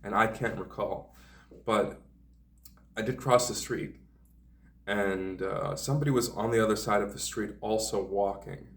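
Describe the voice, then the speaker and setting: A man's voice: fairly low pitch, measured pace, pauses often, fairly bright tone, distant mic. A man telling a meandering personal story in a sardonic tone, full of hedging asides. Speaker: vlogger.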